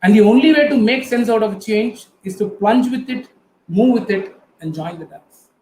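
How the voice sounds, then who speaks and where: A man's voice: high-pitched, normal speed, a little mellow, a little hiss or hum. A middle-aged man with an Indian English accent, giving an earnest motivational talk and speaking directly to his audience. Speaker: guest speaker. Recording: echoey room with faint ambience.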